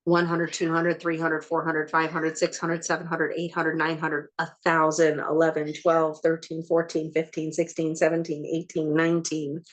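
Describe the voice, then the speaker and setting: A woman with a fairly low voice leads a healing session in a calm, matter-of-fact way. She counts methodically through long lists of numbers. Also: moderate pace, hardly any pauses. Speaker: ancestral healing facilitator.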